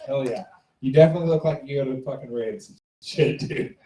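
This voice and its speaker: A man's voice: medium pitch, fairly quick. A male emcee fires off cheering, foul-mouthed introductions between comics. The echoey club room rings around him, with a faint hiss underneath. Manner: hyped, profane introductions. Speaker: open mic host.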